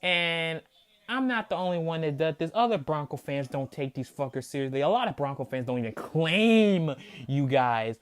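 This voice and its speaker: A man's voice: a little high, animated, normal speed, clear, resonant tone. A man hosting a sports reaction video, ranting in heated, profane disbelief and repeating himself for emphasis. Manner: mocking, disbelieving. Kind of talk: angry fan reaction rant.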